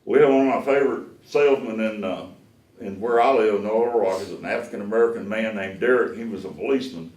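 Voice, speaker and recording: A man's voice: on the low side, quick pace. A man, running a sales class as the owner of a car dealership and telling stories that act out the dialogue. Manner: folksy, animated storyteller who acts out dialogue. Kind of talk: storytelling lecture to a class. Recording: echoey room, voice from far off.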